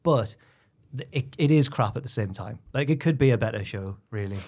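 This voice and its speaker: A man's voice: mid-range voice, brisk. A man, co-hosting a casual chat and telling stories animatedly, acting out what others said. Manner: animated storytelling, acts out quotes. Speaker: podcast co-host.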